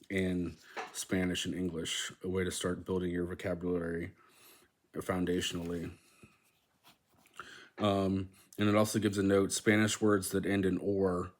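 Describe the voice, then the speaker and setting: A man hosting a language-learning channel, reading from a textbook in a casual, hesitant way, with many "um"s and repeated practice words. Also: deep voice. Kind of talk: casual self-study walkthrough, reading aloud from a book.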